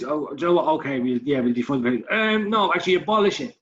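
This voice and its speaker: A man's voice: sits high, animated, racing, hardly any pauses. Man in his 40s, fired up and sweary, slips into mocking voices, muffled lo-fi podcast audio. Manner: heated, sweary, mocks others in put-on voices. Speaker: podcast co-host. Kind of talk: casual podcast chat.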